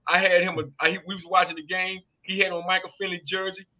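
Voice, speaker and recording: Middle-aged male host, high bright voice, animated storyteller, muffled lo-fi audio. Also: fast. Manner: animated, laughing storyteller with Southern slang. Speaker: show host. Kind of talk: casual storytelling chat. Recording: dull lo-fi sound.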